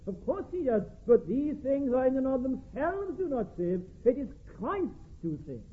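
A man preaching a sermon, emphatic and deliberate, stressing single words. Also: extremely high pitch, big pitch swings. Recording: tinny phone-like band, husky.

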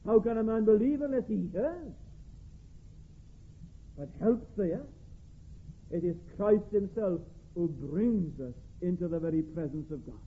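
A preacher delivers a sermon from the pulpit, leaning hard on single words and pausing between them. His voice sits high and swings widely, with a husky edge. The recording is thin and narrow like a phone line. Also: lively intonation. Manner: emphatic, stressing single words with long pauses. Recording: tinny phone-like band, husky.

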